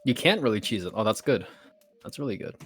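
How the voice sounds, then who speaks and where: A man's voice: fairly low pitch, animated, quick pace, fairly bright tone, husky, faint music behind. A man chatting playfully while playing a video game on stream, teasing his co-player and laughing often. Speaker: guest co-player. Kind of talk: casual gaming banter on stream.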